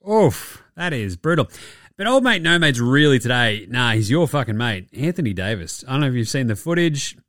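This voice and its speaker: A man's voice: mid-range voice, very animated, moderate pace, fairly bright tone, dry recording, clean studio sound. Blunt, sweary Australian man. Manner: swearing, blunt, laid-back. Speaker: podcast host. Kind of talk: casual sports chat.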